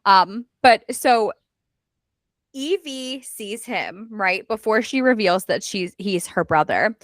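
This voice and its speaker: A woman hosts a casual book club chat, recapping the plot in an animated way and slipping into the voices of the characters. Her voice sits at a middle pitch. The recording is dry and close, with no room echo. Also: takes it slowly. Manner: animated storyteller, acts out character lines; chatty with many fillers. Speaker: book club podcast host.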